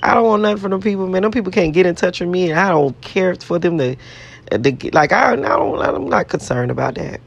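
A woman's voice: lowish voice, fairly quick, gravelly, muffled recording. Brash, profane woman rambling to camera. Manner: boastful, self-adoring. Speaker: vlogger. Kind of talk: casual self-talk to camera.

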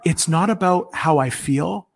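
A man's voice: a little high, gravelly. A man sharing an earnest personal testimony on a Christian broadcast, preaching with emphasis and often restarting his sentences. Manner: earnest, emphatic preaching tone with rapid self-corrections. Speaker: guest speaker.

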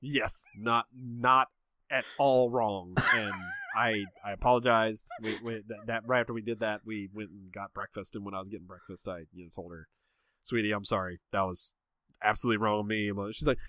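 A man's voice: on the low side, brisk, sharp tone, dry recording. A man chatting casually, rambling and self-mocking as he tells a story about himself. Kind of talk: casual chat, telling a story.

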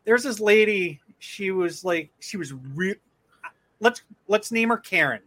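A man's voice: high-pitched, animated, measured pace, fairly bright tone. A young man hosting a podcast, telling rambling stories in casual chat with lots of swearing and filler words. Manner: profane rambling storytelling. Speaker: podcast host.

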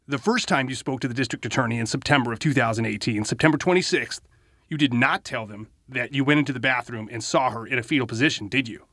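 A man's voice: mid-range voice, fast talker, sharp tone, dry recording, clean studio sound. A man, a defense lawyer, cross-examining a witness with pointed, leading questions.

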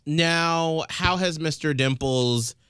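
A woman co-hosting a podcast in casual chat, asking questions slowly and offering short replies. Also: low-pitched, clear, resonant tone, dry recording, clean studio sound. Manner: slow, lively listener with short backchannels. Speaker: podcast co-host.

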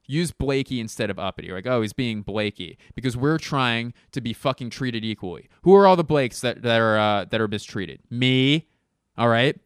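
A man's voice: medium pitch, fairly bright tone, clear, resonant tone, no room sound. Solo comedy podcast host, a man in his thirties, profane, rambling, sarcastic, in a dry booth. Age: 30s.

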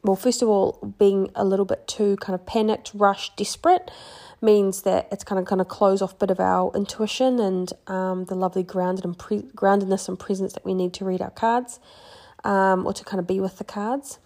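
A young woman gently teaching how to read oracle cards in a chatty, relaxed way with many fillers and restarts. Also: mid-range voice, normal speed. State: pregnant, yawning. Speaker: card reading teacher. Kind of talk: casual instructional talk.

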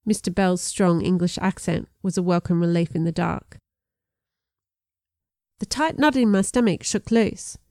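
A woman reading a first-person story aloud, expressive and lively in her narration. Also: measured pace, pauses often, dry recording, clean studio sound. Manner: expressive, lifts pitch for dialogue. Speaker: audiobook narrator.

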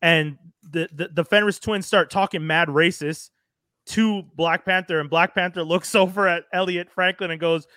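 High bright-voiced animated man. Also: moderate pace, no echo. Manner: animated, swears freely, acts out quotes. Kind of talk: casual comic book chat.

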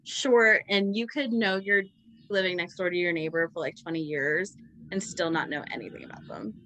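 A woman's voice: lowish voice, moderate pace, fairly bright tone, rough recording. A woman from the Southern Midwest hosting a podcast, sarcastic and laughing often in casual chat. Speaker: podcast host.

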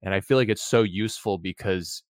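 A man co-hosting a podcast, chatting loosely about a movie in a relaxed way, swearing casually. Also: fairly low pitch, brisk, dry recording, clean studio sound. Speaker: podcast co-host.

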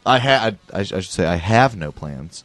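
Animated, jokey male radio co-host. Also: low voice, moderate pace, faint music behind. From United States. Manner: jokey, rambling, playful. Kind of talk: casual chat.

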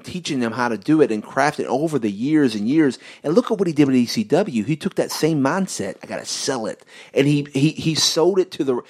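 A man co-hosting a casual podcast chat, telling stories with big swoops of pitch. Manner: animated storytelling with swoops of pitch. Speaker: podcast co-host.

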